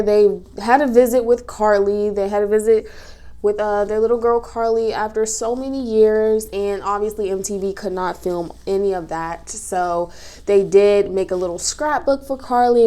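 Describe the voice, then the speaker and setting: A woman's voice: medium pitch, dark tone. A woman chatting casually as she recaps a reality show, emotional and sniffling through tears, with lots of fillers and restarts. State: tearful, sniffling. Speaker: recap vlogger.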